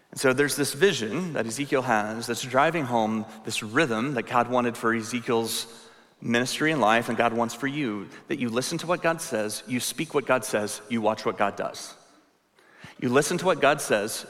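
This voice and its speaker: A male pastor delivers a sermon in an earnest, emphatic way, driving his points home through repetition. His voice is bright and forceful, and a long reverb trails each phrase as if he speaks in a large hall. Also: mid-range voice, moderate pace.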